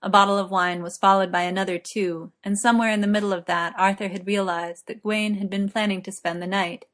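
A woman reading a story aloud in an even, measured way. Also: medium pitch. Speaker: narrator.

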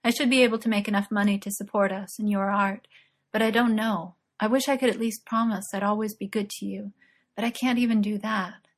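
A woman voicing an earnest young man in an audiobook reading, a little smug yet anxious, speaking in a low, steady way. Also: fairly quick, close to an everyday voice.

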